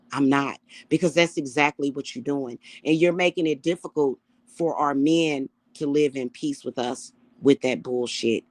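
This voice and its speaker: A middle-aged woman, a self-styled high priestess, ranting to her viewers in a casual, emphatic and profane way. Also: no echo. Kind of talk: casual spiritual rant to camera.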